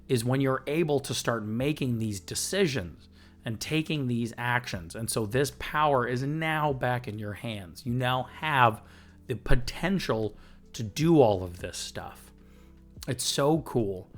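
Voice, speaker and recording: A man hosting a recovery podcast, talking earnestly and getting fired up, with the odd swear and laugh. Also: medium pitch. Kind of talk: reflective recovery podcast talk.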